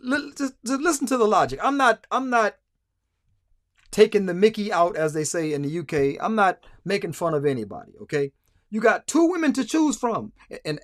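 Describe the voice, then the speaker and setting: A man's voice: sits high, no echo, studio quality. A man hosting a livestream, talking emphatically with frequent stammered restarts and repetition. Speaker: livestream host. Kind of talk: casual livestream commentary.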